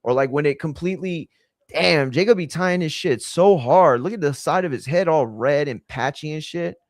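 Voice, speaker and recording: A man's voice: on the high side, normal speed, dry recording, studio quality. A young man casually reacting to wrestling in a slangy, profane, blunt way.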